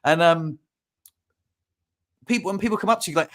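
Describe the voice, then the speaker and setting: A man's voice: on the high side, moderate pace, a bit bright. Chatty man, rambling. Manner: rambling, many restarts, acts out quotes. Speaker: podcast host. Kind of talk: casual chat.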